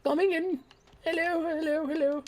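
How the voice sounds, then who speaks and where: A man voicing a scared, overly polite posh British gentleman who keeps offering prim greetings. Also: extremely high pitch, steady tone, moderate pace, voice pushed up. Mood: prim and flustered.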